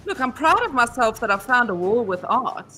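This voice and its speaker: A woman on a casual live stream, talking in an excitable, animated way. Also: a little high, moderate pace, faint music behind.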